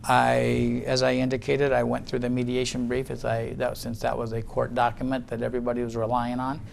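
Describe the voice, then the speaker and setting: A man's voice: mid-range voice, completely flat delivery, a little fast, gravelly, a little hiss or hum. A middle-aged man giving deposition testimony, guarded and insistent, often restarting his sentences. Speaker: witness in a legal deposition.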